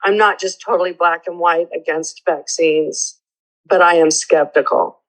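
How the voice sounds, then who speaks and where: An older woman talking earnestly in a therapy session, halting and close to tears. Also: fairly low pitch, steady tone, a bit bright, poor audio. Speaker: mother of the host. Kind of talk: emotional conversation in therapy.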